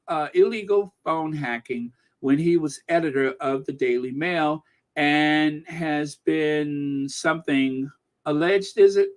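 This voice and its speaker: Excitable, chatty male stream host. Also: on the high side. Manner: chatty and excitable, laughing often. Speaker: channel host and commentator. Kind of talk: casual live-stream commentary reading news and viewer comments.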